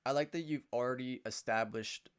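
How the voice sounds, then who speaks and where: A man in his twenties co-hosting a casual podcast, speaking thoughtfully and measuredly, with some "uh" pauses. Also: mid-range voice, clear, resonant tone. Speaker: podcast co-host.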